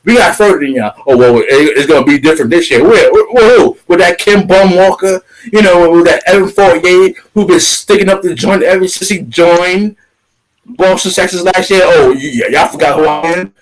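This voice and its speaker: A man's voice: sits high, moderate pace, poor audio. A man co-hosting a sports podcast, ranting heatedly, swearing and trash-talking rival fans. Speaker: podcast co-host.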